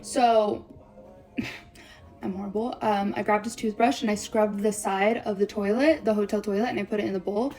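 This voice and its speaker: Young woman ranting thru a breakup storytime, cusses nonstop, runs her sentences together, average pitch, bit of music in the back. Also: fairly even intonation, dark tone. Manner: blunt and profane, swears constantly; rapid run-on storytelling. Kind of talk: storytime vlog, recounting a breakup.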